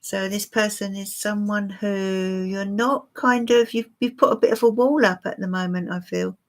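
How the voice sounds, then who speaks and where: A woman's voice: mid-range voice, fairly even intonation, normal speed. A woman giving a live-stream tarot reading for viewers, musing and hesitant with many fillers. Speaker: tarot reader.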